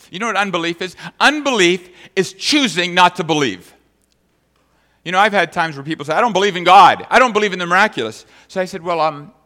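A man's voice: a little high, sharp tone, big-room sound. A man preaching a sermon as pastor, reading scripture aloud and then speaking conversationally to the congregation.

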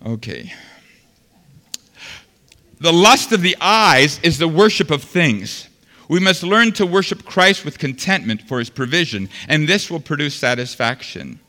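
A fairly high-voiced man delivers a sermon, his tone bright and forceful. He rises into loud, fervent passages and then drops to quiet, earnest speech. His voice rings with the long reverb of a large church. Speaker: pastor.

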